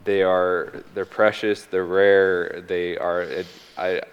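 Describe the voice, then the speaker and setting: A man's voice: low voice, little pitch movement, slow, clean tone, dull audio. A man sharing a personal faith testimony as a guest, hesitant, with frequent ums and restarts, speaking on a stage. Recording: long hall reverb.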